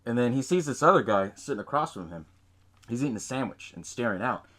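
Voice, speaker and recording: A man's voice: medium pitch, expressive, fast talker, a bit bright. A man hosting a podcast, recapping a film in loose casual chat, swearing often, laughing and acting out lines from scenes. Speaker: podcast host.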